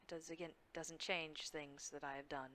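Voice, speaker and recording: A woman running a tabletop game, narrating and speaking in character with measured, formal phrasing. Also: low voice, flat delivery, sharp tone, slight background noise. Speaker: game master.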